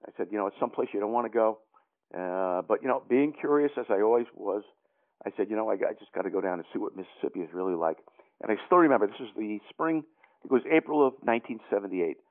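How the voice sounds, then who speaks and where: A man's voice: lowish voice, expressive, quick pace. An older man with a New York accent, telling a long story as an interview guest in a rambling way full of fillers and restarts. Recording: tinny phone line.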